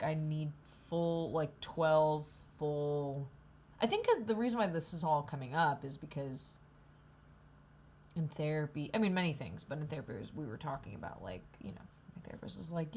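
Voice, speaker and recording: A young woman talks through a frank, meandering confessional vlog, cursing casually. Her voice sits low but swoops up and down with feeling. A faint hum of coffee-shop ambience runs behind her, and she sounds a little hungover. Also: a little mellow. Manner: rambling, profane, self-deprecating. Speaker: vlogger.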